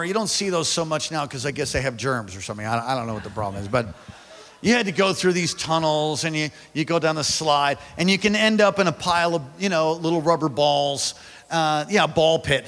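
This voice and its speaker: Animated preacher in an echoing hall. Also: male voice, on the high side. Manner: animated storytelling, shouting at peaks; calls on the congregation to respond. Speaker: pastor. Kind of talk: sermon.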